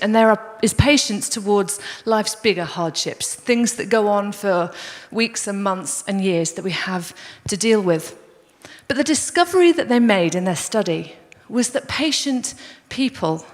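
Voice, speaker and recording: A woman preaching a sermon in a conversational, storytelling way. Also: medium pitch. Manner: conversational, storytelling, addresses the congregation as guys. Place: large church hall. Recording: long reverb of a church hall.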